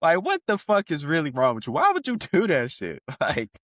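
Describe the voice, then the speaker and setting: A man hosts a casual podcast, talking loosely in heavy slang and laughing as he goes. His pitch rises and falls a lot, and his voice sits dry and close with no room sound. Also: wildly swooping pitch, normal speed, no echo. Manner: profane slang-heavy banter, laughs often. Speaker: podcast host. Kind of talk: casual commentary.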